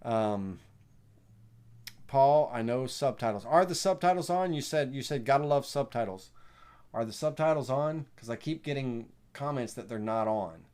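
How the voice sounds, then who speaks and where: A man with a Southern US accent hosting a live software tutorial, rambling and folksy with lots of fillers. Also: mid-range voice, expressive, normal speed, clean tone. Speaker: host.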